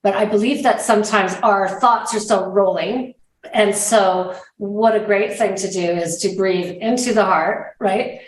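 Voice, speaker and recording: A woman host in an interview who muses aloud, hesitant and reflective, often restarting her sentences. Her pitch is mid-range. The room around her is echoey. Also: steady tone, a little slow. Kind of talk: conversational interview.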